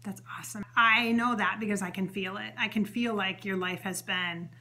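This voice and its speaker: Woman host, medium, bright tone; rambling, earnest channeling monologue. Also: mid-range voice, steady tone, normal speed, slight background noise. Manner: rambling, chatty, with many fillers and restarts; earnest and emotional, relaying what a spirit says. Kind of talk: spontaneous channeling session monologue.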